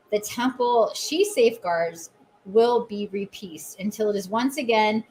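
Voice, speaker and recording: A woman's voice: a little high, poor audio. A woman hosting a podcast, giving a channeled oracle reading and guided meditation. She lingers on repeated phrases in an incantatory way, with open emotion and self-mocking asides. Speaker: podcast host and oracle reader.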